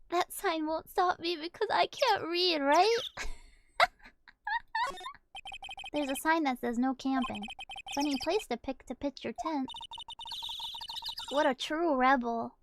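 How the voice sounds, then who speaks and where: A woman's voice: high-pitched, lively intonation, slow, long pauses, background noise. A woman streamer playing a video game, playful and giggly, reading the game's dialogue aloud. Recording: game music playing behind.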